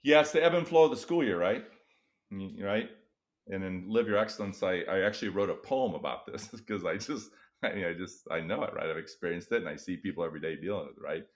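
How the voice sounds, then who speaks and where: Animated low-voiced male educator storyteller. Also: brisk. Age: middle-aged. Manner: animated storytelling, acts out weary teachers with big pitch jumps. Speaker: guest educator and author. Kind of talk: podcast interview.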